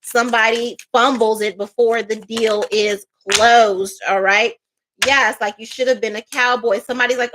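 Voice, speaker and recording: A woman's voice: fairly high pitch, fairly even intonation, normal speed, noisy background. A woman giving a casual tarot reading, talking in a loose, chatty storytelling way with many fillers and asides. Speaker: tarot reader.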